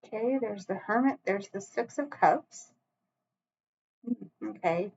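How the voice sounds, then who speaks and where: A woman's voice: mid-range voice, takes it slowly, vocal fry, a little mellow, breathy edge, dull audio. A woman giving a solo tarot reading to camera, earnest and emotional, close to tears, with frequent restarts and a reassuring "okay?". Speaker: tarot reader.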